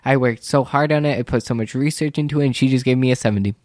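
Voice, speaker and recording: A teenage male student tells a rambling, casual story packed with "like" and "literally," getting animated when he feels wronged. His voice is medium-pitched and fast, recorded in studio quality with no echo.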